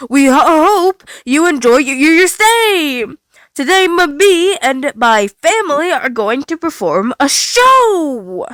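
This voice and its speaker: A woman's voice: sits high, big pitch swings, takes it slowly, a bit bright, no room sound, clean studio sound, pitched above the performer's own voice, full character voice. Woman doing a stuttering glitchy party robot. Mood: glitchy cheer. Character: glitching cheerful male party robot host.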